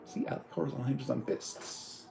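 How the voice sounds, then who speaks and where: A man's voice: mid-range voice, normal speed, vocal fry, music in the background, poor audio. A man casually reviewing toys on a live stream, rambling and chatty with lots of fillers. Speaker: toy reviewer.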